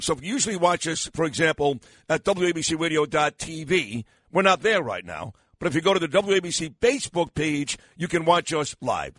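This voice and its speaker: A man's voice: a little high, a bit bright, no room sound. An older man hosting a morning radio talk show, rambling and self-mocking with lots of fillers, sounding tired and losing his voice. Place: radio studio.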